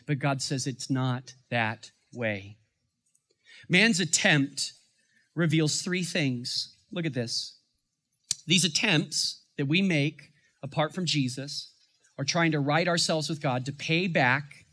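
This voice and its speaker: A man in his thirties preaches with a bright, forceful edge to his voice. His pitch sits a little higher than most men's. He moves between easy, conversational storytelling and emphatic, climbing passages. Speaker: pastor. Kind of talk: sermon.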